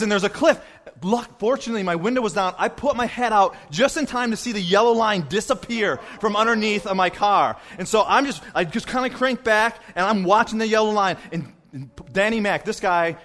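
A man speaking at a retreat, telling a story in an animated way that breaks into shouts and laughter. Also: sits high. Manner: excitable, bursts into shouts and laughter.

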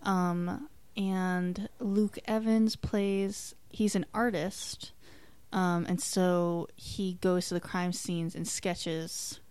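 A woman co-hosting a casual podcast, chatting about a TV show in a relaxed way with frequent ums. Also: fairly low pitch, extremely slow, clear, resonant tone, no echo. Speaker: podcast co-host reviewing a TV show. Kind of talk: casual chat.

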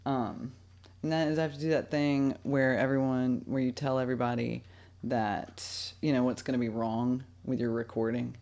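A woman's voice: a bass voice, flat delivery, moderate pace, dark tone. A woman hosting a podcast, chatting casually, laughing often and rambling. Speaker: podcast host. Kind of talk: casual chat.

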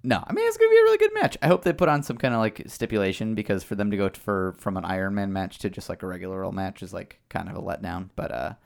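A man's voice: on the low side, very animated, quick pace, gravelly, few pauses. A man co-hosting a casual chat, rambling with lots of fillers and restarts. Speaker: podcast co-host.

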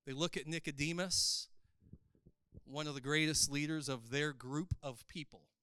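Bright-voiced preacher man, high and clear. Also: moderate pace, no room sound, studio quality. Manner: animated preaching, rising to loud emphatic passages. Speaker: pastor. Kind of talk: sermon. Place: church service.

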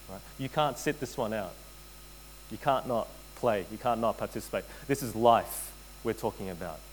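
A man preaching a sermon, earnest and direct, addressing his listeners as friends and repeating key phrases, often dropping to a hushed intensity. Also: mid-range voice, a little hiss or hum, poor audio. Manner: addresses listeners as friends, frequent tag questions. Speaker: pastor.

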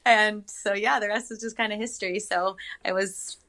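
A woman's voice: mid-range voice, moderate pace, a crowd in the background. A woman in her twenties, a podcast guest, telling a personal story in casual chat, with many ums and likes. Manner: chatty, animated, frequent ums and likes.

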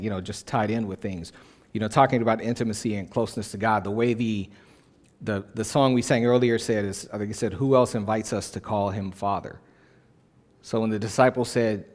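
A man's voice: on the low side, darkish tone. A male pastor preaching a sermon in a conversational way, repeating phrases for emphasis.

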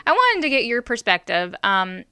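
A woman's voice: fairly high pitch, huge pitch swings, pushed and bright, clear, resonant tone, no echo, clean studio sound. A woman hosting a casual chat show, steering the talk with frequent "um"s. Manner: steers the topic, fills pauses with "um". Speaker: podcast host.

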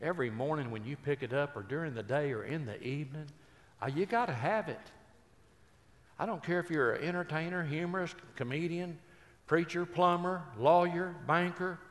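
A man's voice: on the high side, normal speed, big-room sound. Older man, folksy joking storyteller. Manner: folksy, joking storyteller who turns earnest. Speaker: Christian speaker and humorist. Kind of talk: humorous storytelling talk.

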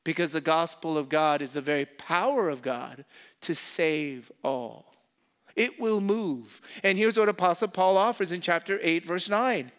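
A man preaching a sermon as pastor, impassioned, repeating key phrases and swinging from loud emphasis to soft, intimate asides. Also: fairly high pitch, measured pace.

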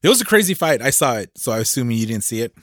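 A man's voice: mid-range voice, big pitch swings, fast talker, a bit bright, no echo, studio quality. A man co-hosting a podcast, trading teasing banter and laughing often. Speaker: podcast co-host. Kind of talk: casual banter.

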